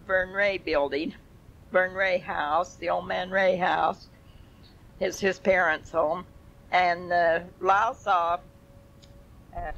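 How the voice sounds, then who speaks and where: A woman's voice: fairly low pitch, fairly bright tone. Brief: older woman, folksy and rambling oral history, dull lo-fi tape. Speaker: family storyteller.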